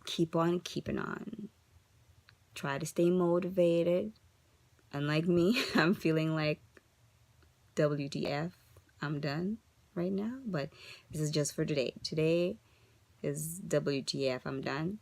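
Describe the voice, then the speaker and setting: A woman's voice: low voice, takes it slowly, vocal fry, long pauses, a little mellow, no echo. A woman in her thirties vlogging an upset, rambling update, asking frustrated rhetorical questions while holding herself together. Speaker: vlogger sharing a fertility journey update. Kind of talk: casual confessional vlog.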